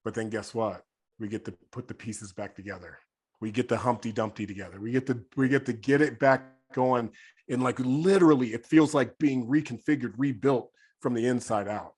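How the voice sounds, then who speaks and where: A man hosting a podcast, speaking in a reflective, heartfelt way with halting restarts. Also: medium pitch, a little mellow, husky. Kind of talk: casual podcast conversation.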